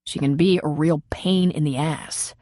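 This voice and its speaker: A woman's voice: low-pitched, fairly even intonation, measured pace, warm tone, no room sound, clean studio sound. A woman voicing an eager, wistful young woman in love in an audiobook.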